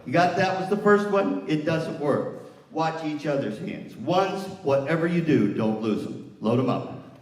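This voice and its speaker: Energetic male workshop presenter, slightly high voice, distant mic, very echoey hall. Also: a little slow. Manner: energetic, coaching participants through a partner exercise. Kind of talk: interactive workshop with audience exercise. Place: large hall with an audience. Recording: far-off echoey hall with room noise.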